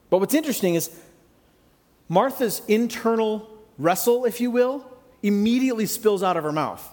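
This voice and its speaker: A man preaching a sermon in a conversational, reflective way with gentle humor. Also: high-pitched, animated, moderate pace, long reverb tail. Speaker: pastor.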